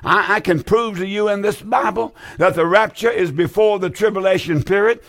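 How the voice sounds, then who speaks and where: A man's voice: sits high, moderate pace, a bit bright. An older man hosting a call-in Bible radio show, earnest and folksy, often repeating his phrases for emphasis.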